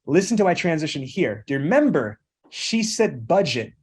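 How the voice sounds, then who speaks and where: A man's voice: fairly high pitch, big pitch swings, moderate pace, breathy edge. A middle-aged man hosting a sales training podcast. He coaches with emphasis and keeps repeating "again" and "okay". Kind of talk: energetic sales training with role-play.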